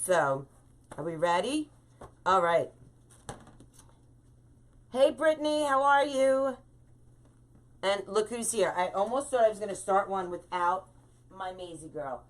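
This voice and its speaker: A woman's voice: medium pitch, lively intonation, measured pace, pauses often. A talkative woman hosting a live-stream wreath-making tutorial, chatting with viewers and greeting them by name.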